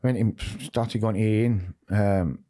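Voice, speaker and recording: A man's voice: fairly low pitch, fairly even intonation, normal speed, dark tone. A middle-aged man with a Glaswegian accent, talking openly as a podcast guest, swearing freely and often checking "you know what I mean". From Scotland. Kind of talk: candid conversation.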